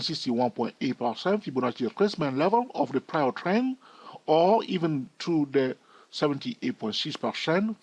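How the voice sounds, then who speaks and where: A man's voice: mid-range voice, no room sound, dull audio. A man giving a screen-recorded chart tutorial in a chatty way, thinking aloud and asking his viewers questions. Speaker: trading educator.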